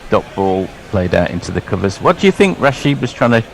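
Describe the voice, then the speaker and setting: A man calling ball-by-ball cricket commentary in a lively, chuckling way, bringing in his co-hosts. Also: lowish voice, brisk, creaky, slight background noise, low-quality recording.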